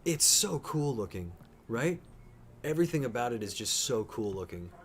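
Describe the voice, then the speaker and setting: A man's voice: mid-range voice, big pitch swings, normal speed, a little hiss or hum. A man chatting casually while reacting to a show, enthusiastic and rambling, sometimes teasing his co-host. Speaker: reaction streamer.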